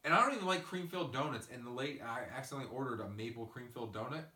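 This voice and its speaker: A man hosting a casual podcast, swearing freely and ranting through animated stories. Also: mid-range voice, rapid-fire, distant mic. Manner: ranting, profane, animated storytelling. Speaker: podcast host. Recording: echoey room, away from the mic.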